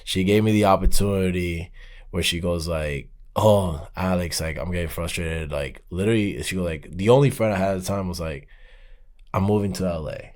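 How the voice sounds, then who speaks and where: A man's voice: low voice, moderate pace. A man guest on a podcast, telling a long story in casual talk and acting out the dialogue. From Miami. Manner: animated, acts out quoted dialogue.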